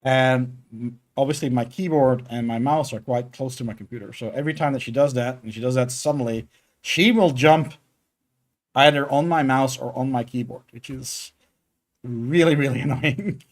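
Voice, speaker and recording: A man's voice: mid-range voice, moderate pace. A man streaming his game development work, chatting casually and thinking aloud with many fillers. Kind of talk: casual live coding stream.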